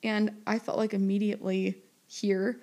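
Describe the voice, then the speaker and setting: A young woman co-hosting a book podcast in relaxed casual chat. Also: medium pitch, normal speed. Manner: relaxed, conversational, fillers like "like".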